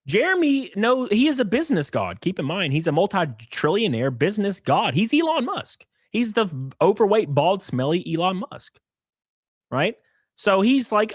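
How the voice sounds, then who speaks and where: A man's voice: a little high, sing-song, a little fast, dry recording, studio quality. A man hosting a livestream, reading messages aloud with sarcastic, profane commentary. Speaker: streamer host.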